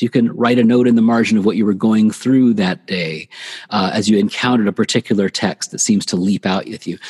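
A man's voice: on the low side, a little mellow, slightly rough, big-room sound. A man, an author being interviewed on a podcast, explaining ideas thoughtfully and repeating phrases for emphasis. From United States. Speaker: author and guest. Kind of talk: podcast interview, reflective teaching.

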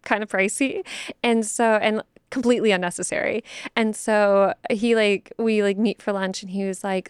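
A woman's voice: medium pitch, steady tone, normal speed, smooth, no echo, studio quality. A woman in her twenties co-hosting a podcast, telling stories in casual chat and acting out the quotes, with lots of "like" fillers. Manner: chatty storyteller, acts out quotes, many "like" fillers. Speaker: podcast co-host.

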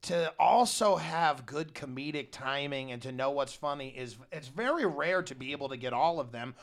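A man co-hosts a radio show with relaxed, enthusiastic banter. His voice sits a little high for a man. He chats easily in a studio setting. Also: normal speed. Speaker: radio co-host. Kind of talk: casual radio chat.

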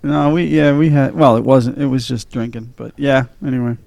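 Gravelly man joking crudely. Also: mid-range voice, steady tone, normal speed, a little mellow, no room sound. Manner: crude, joking, swears freely. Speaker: podcast co-host. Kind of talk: casual movie recap chat.

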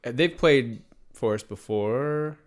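A man's voice: medium pitch, takes it slowly. Laid-back young man chatting. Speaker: podcast co-host. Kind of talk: casual chat.

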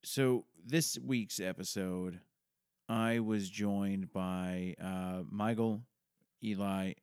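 A man's voice: lowish voice, fairly even intonation, extremely slow, darkish tone, smooth, no room sound, clean studio sound. Rambling, swearing man hosting a podcast. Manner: rambling, self-mocking, swears a lot. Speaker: podcast host. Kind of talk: casual podcast intro monologue.

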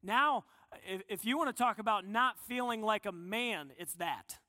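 A man's voice: sits high, lively intonation, normal speed, pushed and bright, no room sound, big-room sound. A man preaching a sermon in a conversational, earnest way, often restarting his sentences. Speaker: pastor.

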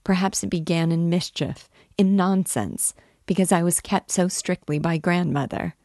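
A woman's voice: on the low side, moderate pace, darkish tone, dry recording, studio quality, lightly acted. A woman reading the part of an emotional young woman torn in love, pleading and breaking off mid-sentence. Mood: tearful. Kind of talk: dramatic reading of a novel.

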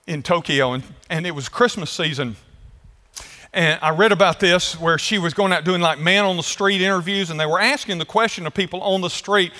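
High bright-voiced preaching man. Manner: emphatic preaching, drawn-out phrases and questions to the congregation. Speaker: pastor. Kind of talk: sermon. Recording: echoey hall.

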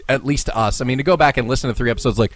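A young man from New Jersey with a New Jersey accent, talking loosely and swearing as he jokes around with friends. His voice sits at an ordinary middle pitch. The recording is dry and close, with no room sound. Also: rapid-fire, dry recording. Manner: joking, swears freely, laughs often. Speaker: podcast co-host. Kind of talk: casual chat.

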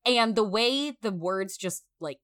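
A woman talking through a film in a casual, emphatic discussion, animated and swearing freely. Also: mid-range voice, slow pace.

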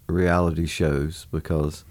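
A man's voice: very deep voice, little pitch movement, slow pace, a little mellow. A man in his forties, a pastor talking earnestly about his family in casual conversation, laughing easily.

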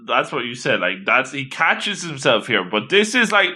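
Bright, lively man chiming in. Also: mid-range voice, breathy edge. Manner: chiming in with quick reactions and comments. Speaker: podcast co-host. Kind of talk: casual chat.

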